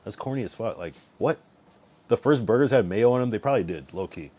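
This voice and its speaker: A man's voice: on the low side, lively intonation, fast, darkish tone. A young man hosting a livestream, chatting loosely, swearing freely and trailing off into mumbles. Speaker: livestream host. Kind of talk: casual rambling chat.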